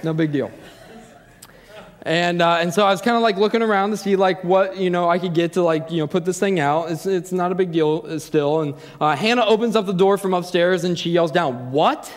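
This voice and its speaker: A man's voice: high voice, a little fast. Self-mocking man telling a story. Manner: self-deprecating, lots of fillers and restarts. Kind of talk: personal anecdote, casual storytelling. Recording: long hall reverb.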